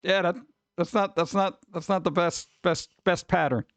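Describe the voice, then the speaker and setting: A man's voice: sits high, steady tone, normal speed, a bit bright, dry recording. A male streamer in casual, rambling chat, reacting wryly to pictures and to his chat, with a slightly scratchy voice at times.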